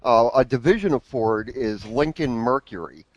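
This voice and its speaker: A man from the United States in casual podcast chat, chatty and quick to laugh. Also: medium pitch, dry recording, poor audio. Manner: chatty, laughs often, lively storytelling.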